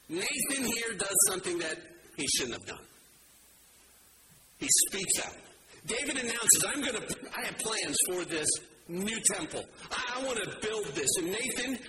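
A man preaching a sermon, talking casually and acting out the quoted speakers with big swings in his voice. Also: moderate pace. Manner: animated, acts out quoted voices with wide pitch swings. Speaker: pastor. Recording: noticeable background noise.

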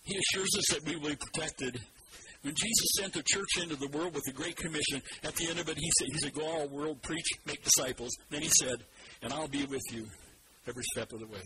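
A man preaching a sermon, animated and drawing the congregation in to repeat verses after him. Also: fairly high pitch, a little fast. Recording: loud background noise.

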